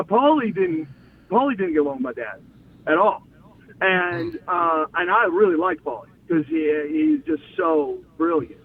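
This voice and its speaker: A man's voice: sits high, creaky, slight background noise. A middle-aged man and former pro wrestler, telling stories in a casual interview and acting out other people's lines as he goes, with frequent laughs. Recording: tinny phone line.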